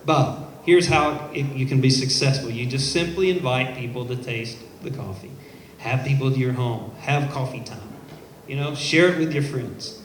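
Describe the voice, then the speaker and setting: A man giving a live sales pitch to an audience, upbeat and persuasive, talking straight to the crowd at an event in a showroom. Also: moderate pace. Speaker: company presenter. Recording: echoey room, faint background noise.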